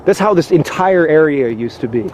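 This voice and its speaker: His voice is animated and on the high side, a little mellow at normal speed, with slight background noise around it. He's a man ranting and swearing in exasperation in a walk-and-talk vlog along a rural trail.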